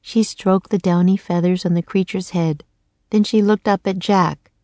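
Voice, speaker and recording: A woman narrating a children's storybook in a clear, steady storytelling voice. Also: mid-range voice, normal speed, no room sound.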